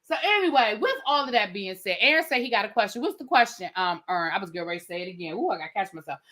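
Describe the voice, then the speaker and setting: Bright-voiced woman with a DC accent. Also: medium pitch, rapid-fire. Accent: Washington DC. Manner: animated storytelling, slangy, acts out her own past remarks. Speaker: podcast co-host. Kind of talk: casual chat.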